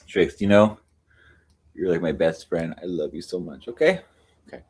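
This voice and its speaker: A man's voice: sits low, moderate pace, a little mellow, husky. A man hosting a livestream, cooing affectionate baby talk to his cats between remarks to the chat. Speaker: livestream host.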